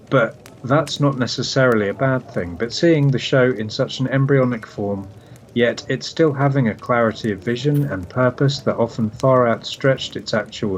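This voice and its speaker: Hesitant man reading listener mail. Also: mid-range voice. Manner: hesitant, with many restarts. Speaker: podcast co-host. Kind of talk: casual chat, reading listener messages. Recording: slightly dull sound with faint noise.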